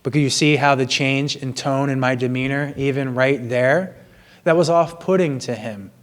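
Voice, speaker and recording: A man in an earnest, apologetic personal monologue, speaking slowly and in a measured way, recorded in a gym. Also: mid-range voice. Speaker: vlogger sharing personal confessions.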